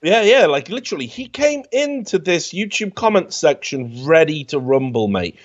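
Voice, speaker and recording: A man's voice: fairly high pitch, normal speed, highs cut off. A man hosting a casual comedy show, reading online comments aloud and mocking them with sarcasm and frequent swearing. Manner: animated, sarcastic, swearing freely. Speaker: host.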